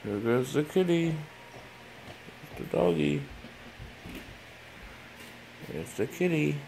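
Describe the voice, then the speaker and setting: A man's voice: fairly high pitch, expressive, slow, creaky, darkish tone, rough recording. A man talking playfully to his cat and dog at home, cooing and baby-talking as he films them. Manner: coos and baby-talks to the pets, playful. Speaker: pet owner filming at home. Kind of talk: casual pet talk. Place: home room. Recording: home video with noise.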